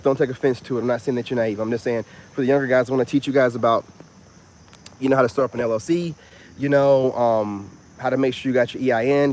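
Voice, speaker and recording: A man talking as a self-help influencer in a casual vlog monologue. He is animated and rambling, and he keeps repeating "you know what I'm saying.". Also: mid-range voice.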